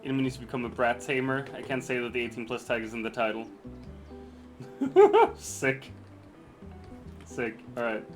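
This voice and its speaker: A man's voice: mid-range voice, very animated, moderate pace, pauses often, soft background music. A man streaming a video game, chatting casually with viewers, reading out chat and joking around. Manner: playful, jokey, reads chat aloud.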